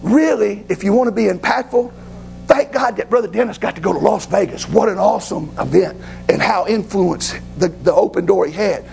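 Gravelly preacher telling stories. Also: male voice, sits high, a little fast, low-quality recording. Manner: folksy, excitable, colloquial. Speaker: pastor. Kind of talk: sermon storytelling.

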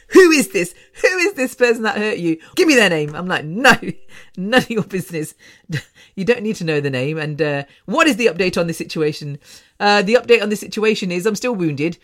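A woman's voice: lowish voice, a bit bright. A middle-aged woman hosting her own podcast, talking in a candid, rambling way with many restarts and sighs. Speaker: podcast host. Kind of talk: casual solo podcast monologue.

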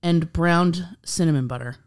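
A woman's voice: lowish voice, a little slow, smooth. A woman from Florida hosting a casual podcast, opening with a sing-song intro and then chatting easily with her co-hosts. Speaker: podcast host. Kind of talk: casual chat.

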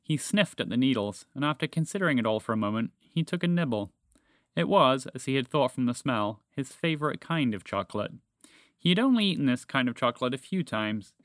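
A man narrating a children's storybook in a calm, even reading manner. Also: medium pitch, a little fast, dry recording, studio quality.

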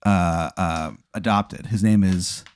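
A man running an improvised story game, his lowish voice wandering through fillers and restarts. The sound is dry and close, with no room echo. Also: fairly even intonation, slow pace, a little mellow, smooth. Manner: rambling, laughing, lots of fillers. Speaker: game master. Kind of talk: improvised tabletop narration.

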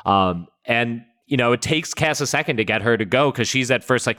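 A man's voice: mid-range voice, animated, a little fast, few pauses, sharp tone. A man co-hosting a podcast, talking through a TV episode in an enthusiastic, rambling way with many fillers and laughs. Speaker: podcast co-host. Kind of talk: casual chat, TV episode discussion.

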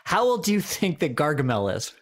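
A man's voice: on the high side, a little fast. A man co-hosting a casual comedy podcast, telling stories and laughing often. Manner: animated storyteller, laughs often. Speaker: podcast co-host.

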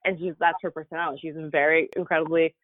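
A woman's voice: deep voice, racing, no room sound. Chatty woman over a tinny line. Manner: animated, laughing, chatty with many fillers. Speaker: guest. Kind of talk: storytelling in a conversational interview. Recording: tinny phone-like dry remote audio.

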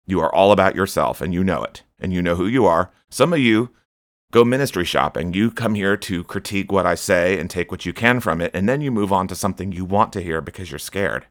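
A man's voice: deep voice, expressive, fairly quick, dry recording, clean studio sound. A man preaching a stern, scolding sermon on his podcast, rebuking his listeners.

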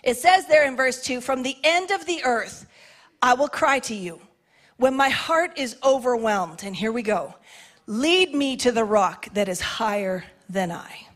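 A woman's voice: fairly high pitch, animated, a little slow, a bit bright. A woman preaching a sermon in a passionate, conversational way, acting out quoted prayers.

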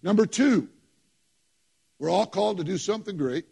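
A man's voice: high voice, lively intonation, moderate pace, gravelly, darkish tone, husky. A man preaching a sermon in church, working the congregation with emphatic call-and-response and short repeated phrases. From New York. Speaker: pastor.

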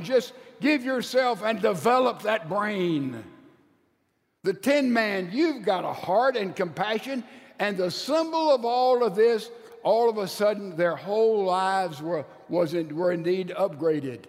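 High-voiced man preaching in a reverberant hall. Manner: emphatic storytelling, stretches key words slowly. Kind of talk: sermon. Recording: long reverb of a large hall.

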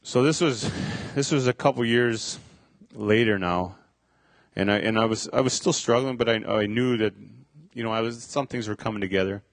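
A middle-aged man telling a personal faith testimony, halting, with many fillers and restarts. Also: on the low side, dry recording. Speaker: speaker sharing a testimony.

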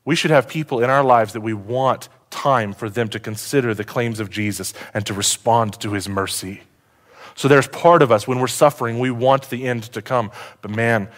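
With a lowish voice, a male pastor preaches a sermon, putting questions to the congregation. His delivery swings between loud, excited points and hushed, earnest moments.

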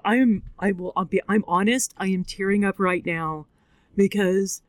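A woman's voice: mid-range voice, a little slow, no echo. A woman hosting a podcast, recapping a movie in casual talk, candid and tearful, with frequent swearing. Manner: candid and expressive, swears freely, acts out voices. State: tearful, crying. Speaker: podcast host.

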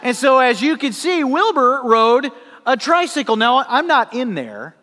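A male pastor preaching a sermon in an animated storytelling manner, with laughing asides. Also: very high voice, a little slow, big-room sound.

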